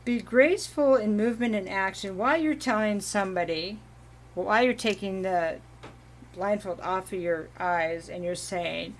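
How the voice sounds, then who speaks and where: A tarot reader at home gives a casual, meandering reading, giggling now and then and clearing her throat from allergies. Her pitch is medium and her pace moderate, with a little hiss or hum in the background.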